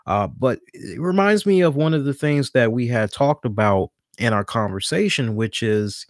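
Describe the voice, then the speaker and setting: A man hosting a casual wrestling news podcast, chatty, stammering and getting animated as he rants. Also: a little high, no echo, studio quality. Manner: chatty, repeats and stammers, grows animated listing options. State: hiccuping after beer. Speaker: podcast host.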